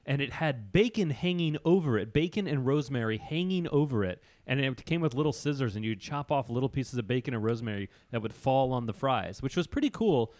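Man, podcast co-host, casual chat, rambling, enthusiastic, middle pitch, dry close sound. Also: darkish tone, no echo. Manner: rambling, enthusiastic storyteller with fillers.

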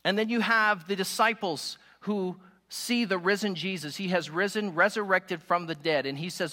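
A man preaching a sermon to a room of listeners, telling stories with lively emphasis. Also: sits high, measured pace, big-room sound. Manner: animated, emphatic storytelling preaching.

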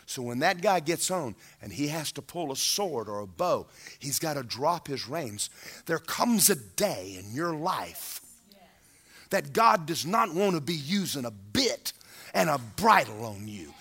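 Lively preacher man preaching. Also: a little high, a little slow, breathy edge. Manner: animated, acts out voices, shouts at peaks. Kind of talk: sermon.

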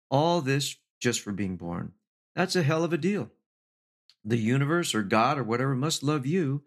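A middle-aged man giving an inspirational speech to an audience. He talks in measured, slow lists, lifts his pitch for emphasis and drops in the odd wry aside. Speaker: motivational speaker.

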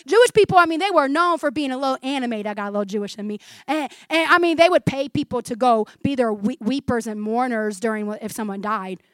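A woman in her forties preaching a sermon in an animated way, acting out the voices from scripture and laughing often. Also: high-pitched, brisk, few pauses, smooth, no room sound.

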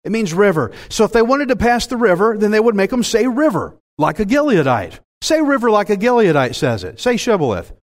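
Man, Texan accent, preacher, folksy, lively up-and-down delivery, slightly high voice. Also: fairly quick, few pauses. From Texas. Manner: folksy, animated, laughs at himself. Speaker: pastor. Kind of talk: sermon.

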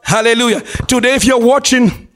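A male pastor preaching a sermon in an exclamatory style, calling out to the congregation and often laughing and shouting for emphasis. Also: very high voice, steady tone, brisk, faint music behind. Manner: exclamatory preaching with call-and-response.

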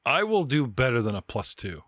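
A man's voice: mid-range voice, sing-song, moderate pace, fairly bright tone, no room sound, clean studio sound. Gm guy talking through the scene, chill and rambly, mid voice, no room sound. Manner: chatty, laid-back, rambling scene descriptions. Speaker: game master and host. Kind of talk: running a tabletop game.

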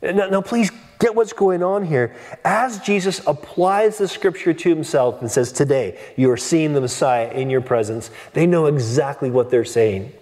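A man preaching from the pulpit, his voice sitting a little high for a man and trailing off in the long reverb of a big church hall. He talks earnestly, restarts his sentences often and drives his points home with emphatic questions. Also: normal speed, darkish tone. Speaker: pastor. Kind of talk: expository sermon.

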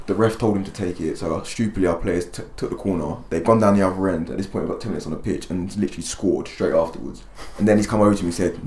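A man's voice: deep voice, fast talker, few pauses, a little mellow. A man, a football coach, telling an exasperated story in a casual chat. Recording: echoey room with faint noise.

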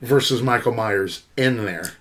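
A man co-hosting a casual movie podcast, talking in a relaxed way. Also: medium pitch, a little slow. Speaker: podcast co-host. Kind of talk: casual chat.

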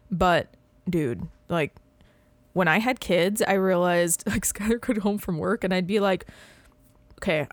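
A woman in her thirties chatting casually as a podcast co-host, rambling, filling her talk with "like" and breaking into quick laughs. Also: lowish voice, dry recording. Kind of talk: casual chat.

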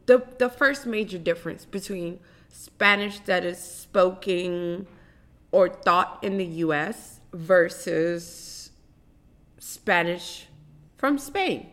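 Slow, deliberate woman hosting a podcast. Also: lowish voice. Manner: slow and deliberate, with pauses and restarts. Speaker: podcast host.

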